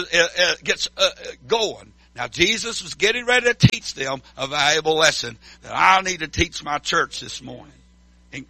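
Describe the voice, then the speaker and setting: A preacher with a high, very bright voice delivers a sermon to his church. He calls for amens and swings between ringing declarations and near-whispered asides. The sound is dry and close. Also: creaky, slightly rough, no room sound. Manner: call-and-response preaching, swings from loud to hushed. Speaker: pastor.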